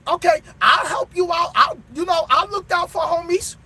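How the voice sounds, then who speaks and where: A male truck driver giving a motivational pep talk in a preachy way, bursting into shouts, recorded in his truck cab. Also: very high-pitched, normal speed.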